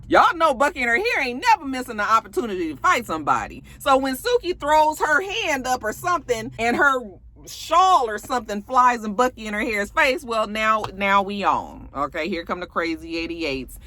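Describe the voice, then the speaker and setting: A young woman recapping a reality TV episode in a casual vlog, gossipy and animated, acting out the cast's lines. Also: medium pitch, fairly quick.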